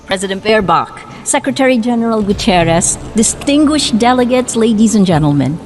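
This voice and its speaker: A woman's voice: mid-range voice, expressive, faint music behind. Woman from the Philippines giving a formal speech. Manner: measured, emphatic delivery with deliberate pauses. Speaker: speaker addressing the UN assembly. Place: large assembly hall.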